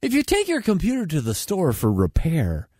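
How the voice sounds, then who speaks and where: A man's voice: on the high side, huge pitch swings, moderate pace, mellow, breathy edge, no echo, studio quality, soft background music. A man reading joke news stories in a mock-serious way, often breaking into laughter. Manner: laughs through his own lines, mock-serious. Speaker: comic news reader.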